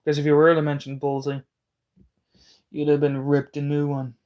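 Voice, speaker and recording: A man's voice: on the high side, monotone, moderate pace, highs cut off. A man delivering a heated, profane, combative callout rant on a livestream.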